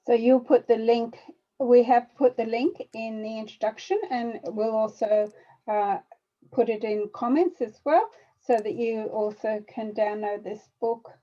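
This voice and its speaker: A female interview host, encouraging and upbeat, asking quick questions over a video call. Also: a little high, steady tone, mellow, muffled recording. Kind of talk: interview, rapid-fire questions.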